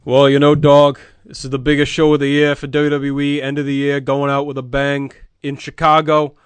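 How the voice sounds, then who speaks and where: A man playing a deadpan, know-it-all sports pundit who keeps repeating the same opinion. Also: medium pitch, normal speed, clean tone, no echo, close to an everyday voice. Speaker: podcast co-host in comedy bit. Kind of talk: comedic sports-talk parody.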